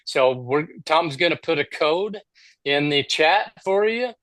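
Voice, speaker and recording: Man, energetic sales pitch, slightly high voice, dry close sound, video call. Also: unhurried, dry recording, poor audio. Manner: punchy, repetitive, salesy. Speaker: co-host of training webinar.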